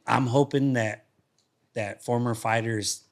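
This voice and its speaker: A man's voice: medium pitch, steady tone, slow pace. A man telling stories in a casual studio interview, speaking loosely with frequent restarts and repeated words. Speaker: guest, former fighter and coach. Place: podcast studio.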